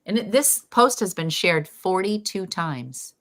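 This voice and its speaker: A woman's voice: lowish voice, animated, a little slow, fairly bright tone. A woman with a Boston accent co-hosting a live pen show stream, chatting casually and reading out viewer comments. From Boston area. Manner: enthusiastic, reads viewer comments aloud.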